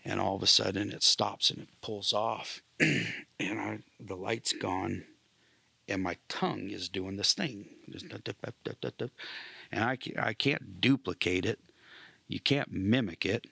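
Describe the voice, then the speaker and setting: A man, a military veteran, telling an emotional personal testimony, often dropping to a hushed near-whisper and clearing his throat. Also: lowish voice, fairly even intonation, unhurried, no echo.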